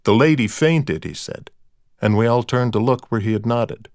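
A man's voice: mid-range voice, level tone, normal speed, a little mellow, no echo. A man narrating a novel in the first person, with a dry, wry storytelling manner. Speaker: audiobook narrator.

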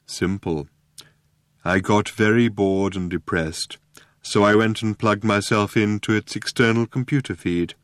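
A man's voice: fairly low pitch, no echo, studio quality, natural voice. A man doing a droning depressed robot. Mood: dejected. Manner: slow, dejected drone. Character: gloomy depressed male robot, slow droning monotone.

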